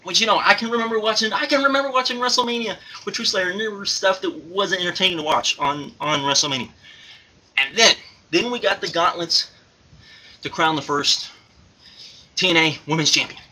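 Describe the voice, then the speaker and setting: A man's voice: sits high, fairly quick, pushed and bright, heavily acted, rough recording. A man voicing a giddy male alter-ego reviewer who gushes over wrestling shows and keeps repeating and exclaiming. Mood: gushing. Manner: gushing, repeats himself, exclaims often. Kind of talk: excited spoken review.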